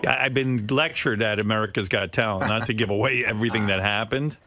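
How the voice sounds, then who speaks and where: A man's voice: on the low side, quick pace, pushed and bright, slight background noise. A man hosting a radio show, telling stories in casual talk, acting out quotes and swearing freely.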